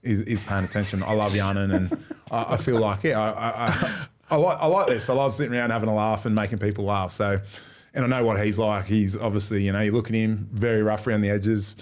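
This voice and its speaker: A man's voice: on the low side, fairly even intonation, brisk. An Australian man and former rugby league player co-hosting a podcast, telling a rambling story with a self-mocking, joking manner. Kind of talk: casual chat.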